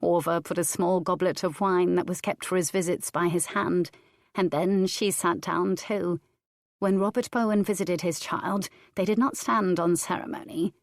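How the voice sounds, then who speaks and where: Woman, audiobook narrator, measured storytelling, low voice, dry close mic. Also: fairly even intonation, no room sound.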